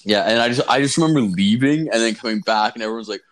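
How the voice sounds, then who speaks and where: A man's voice: mid-range voice, quick pace. A young man co-hosting a casual podcast, telling crude stories with lots of swearing and laughter. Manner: profane, laughing, animated storytelling. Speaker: podcast co-host.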